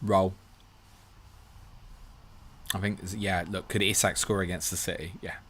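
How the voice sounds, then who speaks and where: A man's voice: low voice, little pitch movement, a little slow, a bit bright, a little hiss or hum. A man hosting a live stream, chatting casually as he reads out viewer questions and answers them. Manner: chatty, reads viewer messages aloud, calls people "mate".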